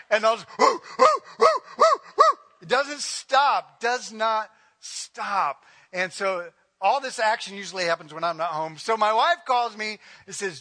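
Bright, high-voiced man preaching. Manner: animated storytelling with laughs and asides. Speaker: pastor. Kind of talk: conversational sermon with a story.

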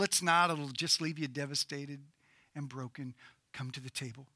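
A man preaching a sermon as pastor, swinging between loud emphatic bursts and low, quiet passages. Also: steady tone, moderate pace, no room sound, studio quality.

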